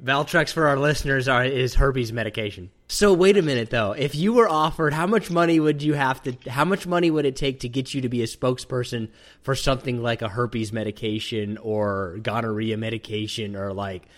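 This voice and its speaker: A male host leading a casual talk segment in a steady, mid-pitched voice. He teases his co-host with dry, deadpan humor. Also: a little fast. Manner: dry, teasing. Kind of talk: casual banter.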